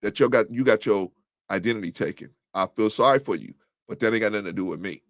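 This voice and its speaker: A man hosts a live call-in talk show, reading out viewer comments and answering them in a blunt, combative way. His voice sits low, and it climbs sharply when he gets heated. The sound is dry and close, with no room echo. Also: fast talker. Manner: restarts and fillers, thinking aloud. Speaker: livestream show host.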